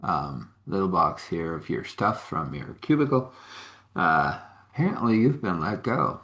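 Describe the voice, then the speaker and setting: A man's voice: deep voice, sing-song, a little slow, a bit bright, exaggerated voice. A man doing a friendly office security guard. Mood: matter-of-fact. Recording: echoey room.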